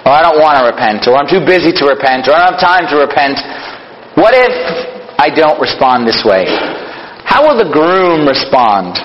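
A man with a fairly high voice teaching a church group, firing questions at his listeners and hammering points through repetition. The dull, lo-fi recording carries a long hall reverb under a faint hiss. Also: sing-song, normal speed. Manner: asks the group questions, repeats phrases for emphasis. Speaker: Bible study leader. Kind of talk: teaching sermon.

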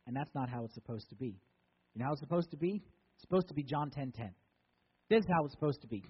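A man's voice: medium pitch, animated, quick pace, breathy edge. A man preaching a sermon in a church, repeating key words for emphasis. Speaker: pastor. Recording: dull, echoey church recording.

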